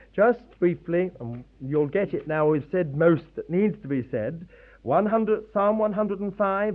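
Animated male preacher on a tinny recording. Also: on the high side. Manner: animated and emphatic, with pauses. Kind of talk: sermon. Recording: tinny phone-like old recording.

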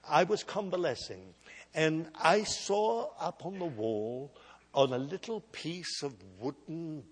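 A man preaching a sermon, telling a personal story with slow, emphatic delivery and big swings from loud to quiet. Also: medium pitch, husky. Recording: long hall reverb.

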